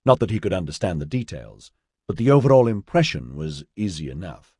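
A man narrating an audiobook in a measured storytelling manner, voicing all the characters. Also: sits low, big pitch swings, darkish tone, breathy edge, dry recording, studio quality. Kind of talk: scripted narration.

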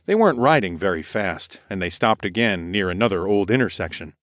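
A man narrating a first-person adventure audiobook in a steady, measured way. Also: low voice, no room sound, studio quality.

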